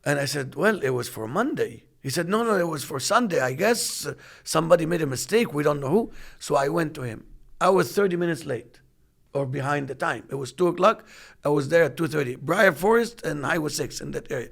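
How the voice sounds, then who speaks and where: A man in his fifties with a gravelly, fairly high voice tells a long business story. He is animated and acts out the voices of the people in it. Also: a little fast. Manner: animated storyteller acting out quotes. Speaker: podcast co-host. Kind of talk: casual storytelling.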